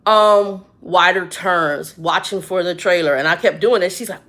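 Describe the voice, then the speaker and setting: A woman's voice: on the low side, moderate pace. A woman, telling a story in a casual, chatty vlog. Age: 50s. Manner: animated, chatty storytelling with lots of reported speech. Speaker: vlogger.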